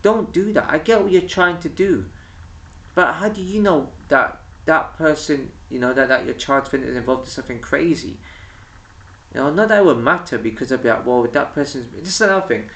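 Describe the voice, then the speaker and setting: A man with a slightly high, somewhat bright voice rants casually to camera about people who annoy him, rambling with many restarts at a moderate pace. The mic is distant, leaving his voice a bit off-mic in an echoey room.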